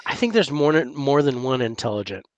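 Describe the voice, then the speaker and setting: A man co-hosting a casual chat over drinks, talking in a halting way and repeating words as he thinks. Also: medium pitch, sing-song, dull audio, a little hiss or hum. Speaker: podcast co-host.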